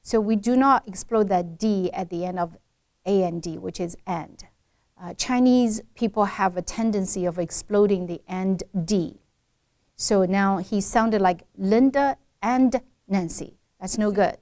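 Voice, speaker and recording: A woman's voice: mid-range voice, measured pace, a little mellow. A woman accent coach giving a pronunciation lesson, explaining by saying the right and the wrong way side by side.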